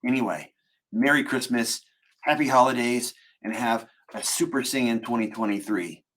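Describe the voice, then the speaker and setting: A man's voice: medium pitch, normal speed, a bit bright, natural voice. A man voicing a cheerful young adult male martial arts hero in an upbeat, encouraging way.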